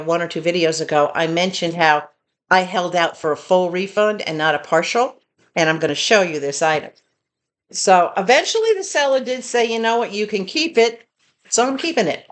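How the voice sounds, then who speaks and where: An older woman, chatting casually in a home haul video, telling stories and talking to her dog. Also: mid-range voice. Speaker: vlogger.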